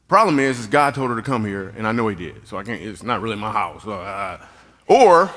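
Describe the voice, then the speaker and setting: Bright-voiced preacher man in a reverberant hall. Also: medium pitch. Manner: animated, jokey, acts out quotes. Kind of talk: humorous sermon storytelling. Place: church hall.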